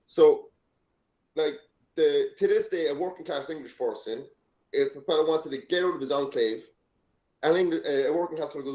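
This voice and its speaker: In an echoey, dull lo-fi room, a man hosting a podcast talks with a fairly high-pitched, warm voice at a moderate pace. He's Irish, from Ireland, with an Irish accent, and his casual chat rambles through anecdotes with plenty of swearing.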